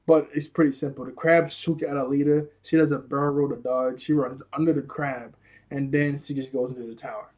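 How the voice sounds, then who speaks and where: A man's voice: medium pitch, fairly even intonation, a little fast, a little mellow. A man casually recapping a cartoon episode, chatty and rambling, laughing often and using slang.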